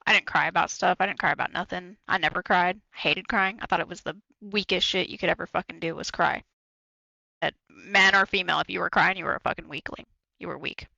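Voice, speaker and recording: A man's voice: high voice, steady tone, quick pace, vocal fry, pushed and bright, no echo, muffled recording. A man co-hosting a podcast, talking candidly and bluntly, swearing freely and repeating himself for emphasis. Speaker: podcast co-host. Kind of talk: candid casual chat.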